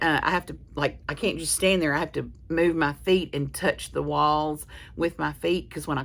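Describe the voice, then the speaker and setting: A woman's voice: sits low, vocal fry, fairly bright tone. A woman chatting casually to her viewers, telling a rambling, candid story full of restarts. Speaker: vlogger. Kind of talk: casual chat to camera.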